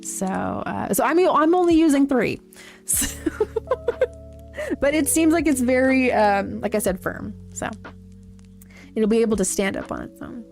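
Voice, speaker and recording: A woman hosting a casual livestream, chatting to viewers in a rambling, halting way with many fillers and giggles. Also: medium pitch, vocal fry, a little mellow. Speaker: livestream host. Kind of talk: casual livestream chat, answering chat. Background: faint background music.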